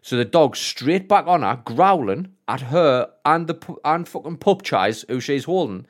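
A Northern English man co-hosting a casual podcast, telling stories with plenty of swearing and laughter. His voice sits fairly high and swings widely in pitch. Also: unhurried. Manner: animated, swears a lot, laughs often. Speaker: podcast co-host. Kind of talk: casual chat, storytelling.

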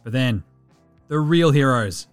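A man's voice: mid-range voice, lively intonation, takes it slowly, smooth, faint music behind. A man with an Australian accent hosting a casual sports podcast, with sweary, jokey, rambling banter. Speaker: podcast host.

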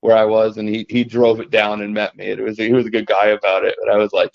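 A man's voice: lowish voice, flat delivery, brisk, creaky, lo-fi sound. A young adult man, a trapper and guest, telling stories in a casual, rambling way, often restarting and laughing at his own tales. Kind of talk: casual storytelling in conversation.

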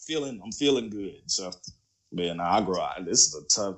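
Laid-back low-voiced man chatting. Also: brisk. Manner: animated, laughs often, repeats phrases. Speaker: musician guest. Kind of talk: casual chat.

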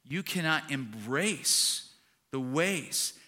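Bright-voiced male pastor preaching. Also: medium pitch, lively intonation, extremely slow. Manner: conversational preaching, storytelling with acted quotes. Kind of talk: sermon.

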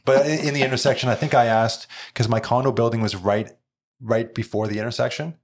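A man's voice: mid-range voice, fairly even intonation, a little fast. A man hosting a casual chat and asking about guests' business, telling his own anecdotes.

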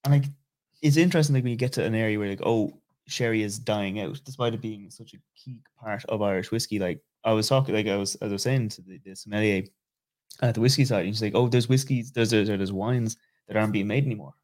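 Male podcast co-host, quick chatty delivery, somewhat low voice. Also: darkish tone. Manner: quick, chatty, full of asides. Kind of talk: casual conversational chat.

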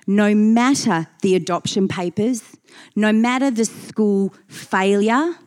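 A woman preaching with earnest emphasis, reading scripture aloud and repeating key phrases. She takes her time, letting each line land at an unhurried pace, her voice sitting in a mid range. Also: mid-range voice, a little mellow. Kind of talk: sermon.

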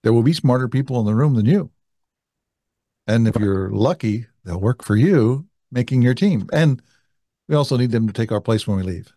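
Man, interview guest, mellow low voice, reflective, dry recording. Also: animated, moderate pace, no echo. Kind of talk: conversational interview.

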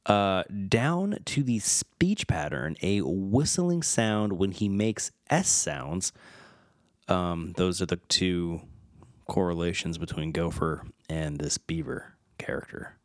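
A man's voice: low-pitched, sing-song, takes it slowly, dry recording, studio quality. A man hosting a casual film retrospective, reading trivia aloud and stumbling over names. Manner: reads fun facts aloud, stumbles over names and chuckles. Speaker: podcast host.

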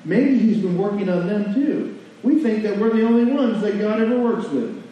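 A man preaching to a church congregation in a folksy, animated way, full of rhetorical questions. His voice is fairly high yet mellow and dark in tone. He is picked up from a distance in a very echoey hall, on a dull, lo-fi recording with faint room noise. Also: normal speed. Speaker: pastor. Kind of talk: sermon. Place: church sanctuary.

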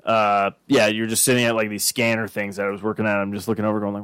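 A man's voice: on the low side, level tone, racing, hardly any pauses, a bit bright, clear, resonant tone, dry recording. Podcast co-host: man in his thirties from Arizona, swears a lot, rambles, dry close mic. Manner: rambling, profane storytelling. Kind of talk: casual chat.

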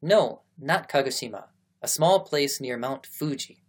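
A man's voice: medium pitch, expressive, measured pace. A man voicing a polite, eager Japanese schoolboy in a stilted period-drama accent. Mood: earnest.

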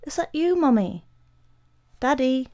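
A woman reading a story aloud, voicing a small frightened boy who whimpers and pleads in the dark. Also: sits high, lively intonation, unhurried, pitched above the performer's own voice.

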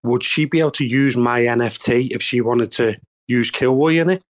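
A man's voice: mid-range voice, moderate pace. Polite man with a Liverpool accent. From Liverpool, England. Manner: polite, hesitant, self-deprecating. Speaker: caller asking a question.

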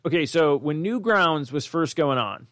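A young man hosting a casual chat, animated and profane, often acting out quotes. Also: on the high side, moderate pace, no room sound, studio quality. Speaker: podcast host.

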